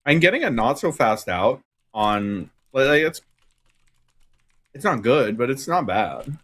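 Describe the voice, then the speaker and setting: A man co-casting a card game in casual commentary, excitable and quick to laugh. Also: medium pitch. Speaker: tournament co-caster.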